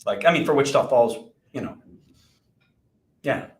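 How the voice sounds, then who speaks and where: A man's voice: mid-range voice, animated, normal speed. A man in his forties, co-hosting a podcast and telling a rambling, self-deprecating story with many restarts. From Texas. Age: 40s. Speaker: podcast co-host, insurance agency owner. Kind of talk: casual chat and storytelling. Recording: roomy echo.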